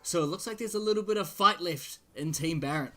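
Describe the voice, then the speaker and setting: A man casting a live esports match play-by-play, his excitement climbing in big fights, with jokey asides between plays. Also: on the high side, fairly quick. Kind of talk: live game commentary.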